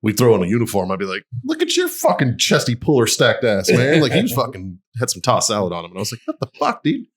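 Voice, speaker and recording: A man's voice: mid-range voice, huge pitch swings, quick pace, hardly any pauses. A man co-hosting a casual podcast, telling profane stories and often laughing. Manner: profane storytelling with frequent laughs. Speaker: podcast co-host. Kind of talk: casual chat.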